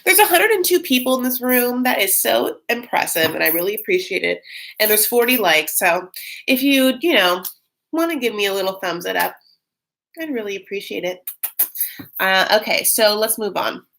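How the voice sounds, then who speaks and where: A woman's voice: medium pitch, expressive, normal speed, creaky, a bit bright. Giggly, rambling woman streamer. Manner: chatty, giggly, rambling with many fillers. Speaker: live-stream host reacting to a reality show. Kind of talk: casual live-stream chat.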